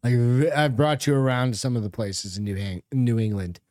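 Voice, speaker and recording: A man's voice: medium pitch, fairly even intonation, fairly quick, darkish tone, no room sound, studio quality. A middle-aged man from New Hampshire co-hosting a comedy podcast, chatting loosely with plenty of swearing and jokes. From New Hampshire, USA. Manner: profane, loose and joking. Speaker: podcast co-host. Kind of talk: casual comedy podcast chat.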